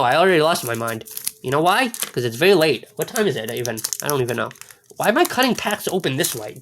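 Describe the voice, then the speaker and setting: A woman's voice: deep voice, a little hiss or hum. A woman in an unboxing vlog, giddy and squealing, rambling to herself as she opens card packs. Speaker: card pack opener.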